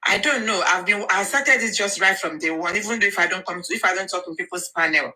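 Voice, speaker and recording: Bright-voiced Nigerian woman, earnest. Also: lowish voice, fast talker, low-quality recording. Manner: earnest, encouraging, repeats herself, mixes pidgin and Yoruba. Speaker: social media commentator. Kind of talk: casual live audio chat.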